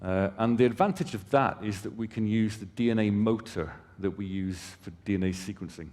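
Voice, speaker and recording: A man's voice: on the low side, brisk, darkish tone. Man presenting in a reverberant hall. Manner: conversational explaining with casual asides to the audience. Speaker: company presenter. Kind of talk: conference presentation. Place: conference hall stage.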